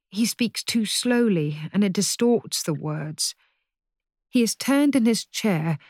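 A woman narrating a historical novel as an audiobook in a measured, even reading voice. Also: on the low side, dry recording, studio quality. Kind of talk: scripted narration.

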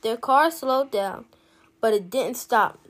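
A woman reads a children's picture book aloud at an unhurried pace. Her voice sits a little high, and she brightens it whenever a character speaks. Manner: slow, expressive read-aloud, lifting her voice for characters. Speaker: storybook reader.

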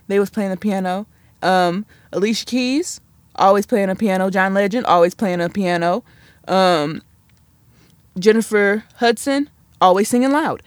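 Sassy lady podcast host rambling on her own, kinda high voice, dry close mic. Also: fairly bright tone, no echo. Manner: sassy, chatty, tangents. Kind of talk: casual solo commentary.

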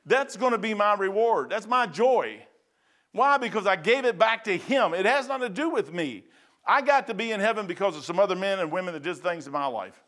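A man's voice: sits high, animated, brisk, a bit bright. A middle-aged man preaching a folksy, conversational sermon full of asides as a pastor.

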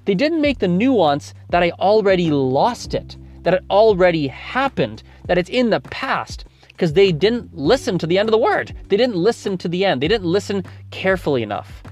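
A man's voice: high voice, very animated, moderate pace, faint music behind. A man hosting a language-learning podcast, explaining casually and correcting himself as he goes. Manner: chatty, explains with self-corrections and examples. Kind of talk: casual spoken lesson.

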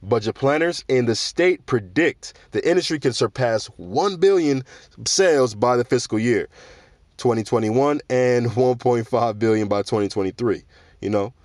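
A male podcast host talking casually and with a lot of emphasis, full of slang and quick restarts. His voice sits in an ordinary middle register, recorded close and completely dry with no room sound. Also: mid-range voice, animated, a little mellow, dry recording. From New York.

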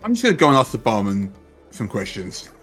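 A man's voice: on the low side, wildly swooping pitch, a little fast, fairly bright tone, faint music behind. A man playing a tabletop game, flustered and apologetic in character. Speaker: player. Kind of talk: casual tabletop play.

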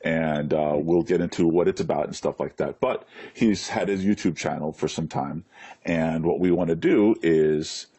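A man hosting a casual interview, speaking in a relaxed, hesitant way with many fillers. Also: a bass voice, normal speed, breathy edge. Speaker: interview host.

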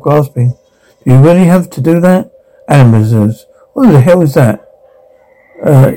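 A man reading a horror show's captions aloud, sound cues included, in an even, uninflected way with brief stumbles. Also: medium pitch, normal speed, rough recording.

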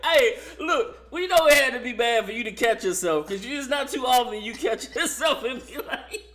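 A man co-hosting a podcast in casual chat, telling slangy, lively stories. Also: extremely high pitch, normal speed, noisy background. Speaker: podcast co-host.

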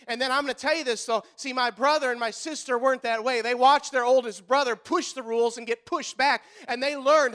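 A middle-aged pastor preaching a sermon in a folksy manner, rising to loud fervent passages and dropping to quiet, soft-spoken stretches. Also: male voice, extremely high pitch, clear, resonant tone. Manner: folksy, repeats words when fired up.

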